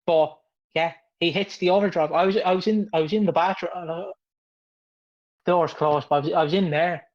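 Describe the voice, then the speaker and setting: A man's voice: a little high, steady tone, moderate pace. Rambling young man on a lo-fi mic. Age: 20s. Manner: rambling, joking, acts out quotes. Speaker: podcast co-host. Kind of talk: casual chat. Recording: dull lo-fi mic.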